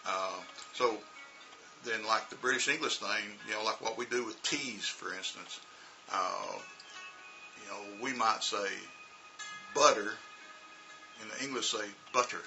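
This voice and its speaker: An American man with a gravelly, fairly low voice talks through English sounds, saying examples aloud as he goes. He speaks in a loose, conversational teaching manner, and music plays clearly behind him. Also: measured pace, low-quality recording. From United States. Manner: demonstrates pronunciation with spoken examples. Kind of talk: casual explanatory vlog. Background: background music.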